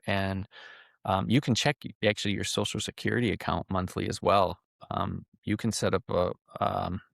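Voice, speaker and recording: A man's voice: fairly low pitch, gravelly, no room sound, studio quality. A man hosting a podcast, talking casually with lots of ums and telling a cautionary story. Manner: relaxed, frequent ums and uhs, conversational. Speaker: podcast host.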